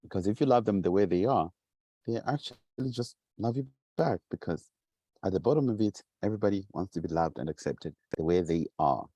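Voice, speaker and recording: Low-voiced man giving an emphatic teaching. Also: animated, brisk, warm tone, dry recording, highs cut off. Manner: emphatic, repeats key phrases, acts out quoted voices. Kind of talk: motivational teaching talk.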